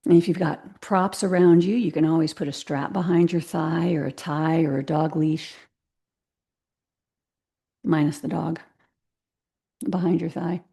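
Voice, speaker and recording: Yoga teacher lady on a video call, mellow low-ish voice, slow gentle cues. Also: steady tone, creaky, slightly rough. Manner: slow, gentle cueing with soft asides. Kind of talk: guided yoga class.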